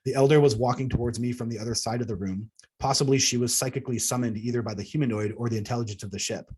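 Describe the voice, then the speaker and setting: A man reads his own memoir aloud in a husky, breathy voice at an ordinary pitch. He is earnest and steps out of the text for casual asides. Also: fairly even intonation, rapid-fire, a little mellow. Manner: earnest, breaks into laughs at himself. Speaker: author.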